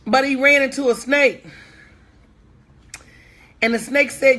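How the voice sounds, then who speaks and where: A woman's voice: high voice, fairly even intonation, takes it slowly, long pauses, bright, forceful tone. A woman business coach talking casually to her online audience, folksy and candid, calling out viewers by name.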